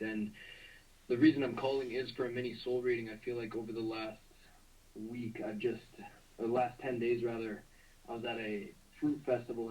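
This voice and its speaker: A man calling in to a radio show, excited and gushing, rambling as he talks. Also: medium pitch, recorded from a distance, rough recording. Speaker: caller. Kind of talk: phone call-in.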